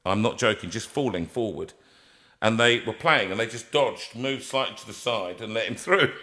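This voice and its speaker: A man's voice: medium pitch, a little fast. A man hosting a live stream from a music room, telling a stage anecdote and acting out the voices he quotes. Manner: animated, acts out quoted voices. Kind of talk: anecdotal storytelling.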